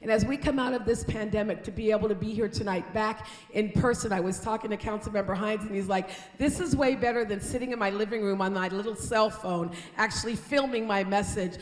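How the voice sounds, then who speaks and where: A woman's voice: medium pitch, fairly even intonation, fairly quick, few pauses. Woman mayor giving a rallying theater speech. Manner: rallying, earnest, calls out to the audience. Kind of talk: public speech at an awards ceremony. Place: large historic theater. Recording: roomy theater with long reverb.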